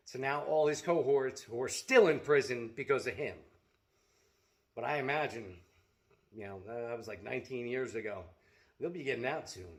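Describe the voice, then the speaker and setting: A man's voice: medium pitch, normal speed. A middle-aged man telling a story in a blunt, profane, casual vlog rant as a seller of self-defense gear.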